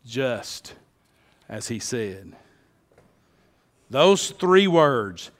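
A man preaching a sermon as a pastor, swinging from hushed tones to shouts. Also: medium pitch, sing-song, extremely slow, long pauses, long reverb tail.

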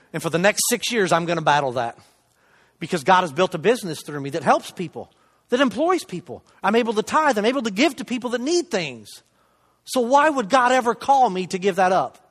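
A middle-aged man giving a sermon testimony from a church stage, conversational and self-deprecating, swinging between loud emphasis and hushed asides. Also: sits high, very animated, brisk. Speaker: lay preacher giving a testimony. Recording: long reverb of a church hall.

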